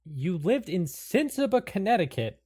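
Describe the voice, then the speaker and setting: A player in a tabletop game, voicing their character with incredulous questions and halting restarts. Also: medium pitch, big pitch swings, a little mellow, husky, dry recording, studio quality. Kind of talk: in-character tabletop role-play.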